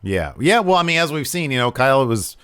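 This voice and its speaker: A man's voice: medium pitch, very animated, brisk, fairly bright tone, smooth, dry recording. A man co-hosting a wrestling podcast, chatting casually, laughing easily and drifting into asides. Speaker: podcast co-host. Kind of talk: casual wrestling review chat.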